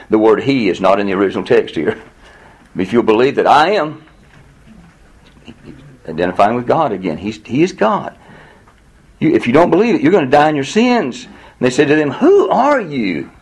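A man's voice: medium pitch, rough recording. Man teaching a conversational Bible study. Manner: conversational, reads verses and explains them.

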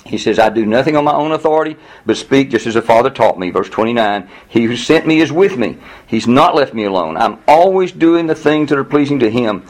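A man's voice: mid-range voice, lively intonation, a little fast, hardly any pauses, low-quality recording. A man teaching verse by verse through a Bible passage in a conversational way, reading the verses aloud and then explaining them. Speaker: pastor teaching a Bible study.

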